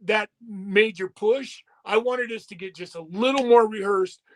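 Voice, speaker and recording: Speaking unhurriedly in a voice that sits high, a former wrestler who also made music tells long, profane stories as a guest in a relaxed interview. This older man performs the voices of the people he quotes.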